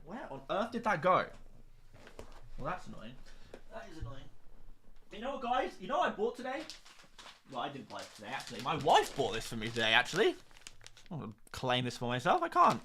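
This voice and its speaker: A man chats casually on a live stream, joking with viewers and muttering to himself between points. His voice is bright, fairly high, and swings widely in pitch. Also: huge pitch swings, brisk, pauses often, slight background noise. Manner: chatty, jokey, muttering asides. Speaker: streamer host.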